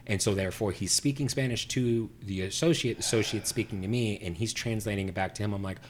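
A man with a somewhat low voice tells a story in casual chat. He rants with plenty of animation and acts out the people he argued with, his voice jumping up when he gets heated. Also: quick pace, few pauses, slight background noise. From Puerto Rico. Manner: animated ranting, acting out both sides.

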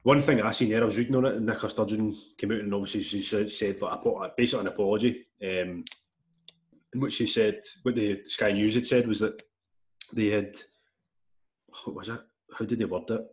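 A young Scottish man with a slightly low voice, co-hosting a podcast. His talk is easygoing and hesitant, with plenty of ums and restarts. He sounds casual and relaxed. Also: brisk. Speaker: podcast co-host. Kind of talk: casual chat.

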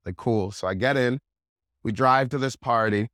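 Young man, podcast guest, mid-pitch, dry close studio sound, loose rambling storyteller. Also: moderate pace, no room sound. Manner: animated, heavy use of "like", laughs while telling. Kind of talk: casual storytelling.

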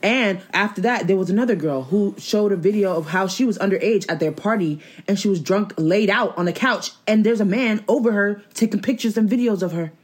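A young woman in her twenties holds forth in a loose, casual conversation. She is blunt and opinionated, swears freely, and delivers each take with animated conviction. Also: medium pitch, a little fast, hardly any pauses. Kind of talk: casual chat.

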